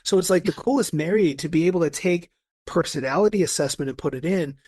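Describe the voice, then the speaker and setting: An enthusiastic man talks as a guest in a casual podcast conversation, piling up stories and restarting his thoughts. His voice sits a little high with a husky edge. The sound is close and dry. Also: fast, a little mellow, no echo. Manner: eager, enthusiastic storyteller with many restarts. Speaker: guest, personality coach.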